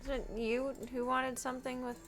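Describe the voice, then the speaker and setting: A woman's voice: high-pitched, little pitch movement, moderate pace, fairly bright tone, faint music behind. A young woman live-streaming, chatting casually with a giggly, rambling, self-deprecating manner.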